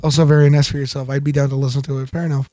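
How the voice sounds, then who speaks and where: A man's voice: mid-range voice, level tone, rapid-fire, dark tone. A man chatting casually while playing a game, rambling with lots of fillers and giggling. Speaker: gaming streamer. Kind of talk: casual gameplay chat.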